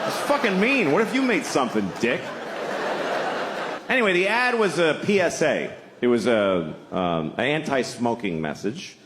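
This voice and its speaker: A man doing stand-up comedy, sliding from low mumbled asides to high exclaiming bursts. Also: big pitch swings, moderate pace, roomy sound, background noise.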